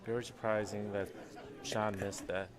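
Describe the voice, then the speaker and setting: A man's voice: fairly low pitch, little pitch movement, normal speed, a crowd in the background. A young man co-commentating a pool match on a casual live stream, joking with his partner and chatting to viewers between shots. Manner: joking, laughs often, chats with viewers.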